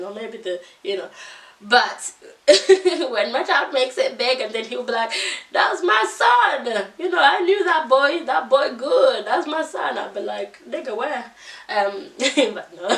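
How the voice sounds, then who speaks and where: A young woman talks casually to camera, telling a story with plenty of "like" and "you know". Her voice sits at a middle pitch and comes from a little way off the mic. The room around her sounds roomy and echoey. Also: far from the mic. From United Kingdom. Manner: chatty, animated storytelling with lots of fillers. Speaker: vlogger.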